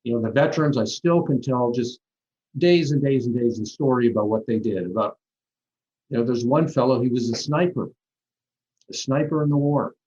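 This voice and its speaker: A middle-aged man, a plastic surgeon, talking through patient stories in a relaxed, rambling interview with frequent restarts. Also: medium pitch, normal speed. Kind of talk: conversational interview storytelling. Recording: dull lo-fi audio.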